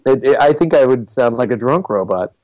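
A man's voice: medium pitch, expressive, fairly quick, darkish tone, dry recording. A man co-hosting a podcast in casual chat, playful and joking, laughing a lot. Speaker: podcast co-host.

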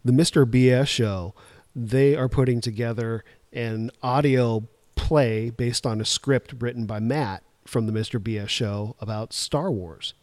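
A man co-hosting a podcast in casual chat, laughing often in relaxed banter. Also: mid-range voice, unhurried, no echo. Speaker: podcast co-host.

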